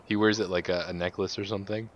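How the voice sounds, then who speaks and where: A man's voice: fairly even intonation, fast talker. A man co-hosting a gameplay video, chatting casually and laughing often. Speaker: co-host playing a farming game. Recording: muffled low-fi mic with faint hiss.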